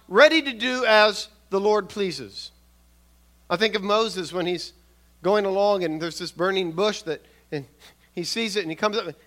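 Bright high-voiced older male preacher. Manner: measured, with repeated restarts and soft asides. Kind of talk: sermon.

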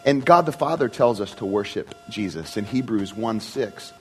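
A man's voice: lowish voice, expressive, normal speed, low-quality recording. A man preaching a sermon in an earnest, emphatic way, often repeating and restarting words.

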